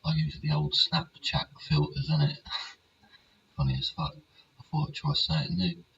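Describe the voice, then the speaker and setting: Speaking in a bass voice at a moderate pace and a level tone, an older Englishman rambles through a casual monologue on his own show, cursing freely and asking for agreement. A distant microphone gives a dull recording with slight hiss.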